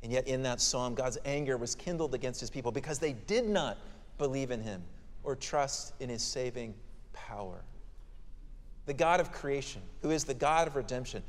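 A man's voice: mid-range voice, animated, normal speed. A male pastor preaching a sermon who explains scripture in a conversational, emphatic way, in a hall with long reverb.

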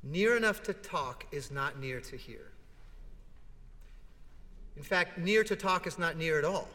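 A man's voice: fairly high pitch, unhurried. A man preaching a sermon in a large church sanctuary, telling stories and asking rhetorical questions. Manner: animated storytelling with rhetorical questions. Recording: echoey church hall.

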